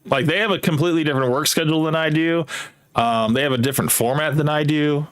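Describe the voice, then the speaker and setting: A man's voice: on the high side, fairly even intonation, fast talker, clear, resonant tone. A man in a heated debate who argues his point steadily, hedging often with "you know".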